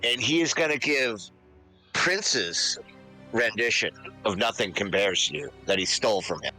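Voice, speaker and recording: A man's voice: fairly low pitch, expressive, a little slow, bright, forceful tone, faint music behind, low-quality recording. A man playing in an online tabletop game, playfully and theatrically describing his character's actions. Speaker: player.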